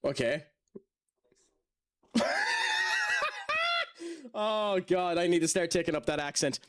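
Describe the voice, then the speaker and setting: A man's voice: fairly high pitch, brisk. An Irish man streaming a video game, chatting with viewers, laughing often and swearing as he reacts. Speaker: gaming streamer. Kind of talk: live gameplay commentary chatting with viewers. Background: game music.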